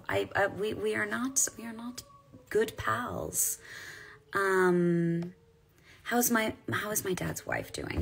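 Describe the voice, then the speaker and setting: A woman's voice: a little high, pushed and bright, slight background noise. A woman in her forties, a voice actress chatting casually on a live stream while signing autographs and reading fan comments aloud. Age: 40s.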